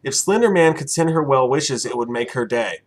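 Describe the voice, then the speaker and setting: A man co-hosting a live stream, reading viewer messages in relaxed, profane chat. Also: mid-range voice, moderate pace. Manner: laid-back, profane, reads viewer messages. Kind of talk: casual live-stream banter.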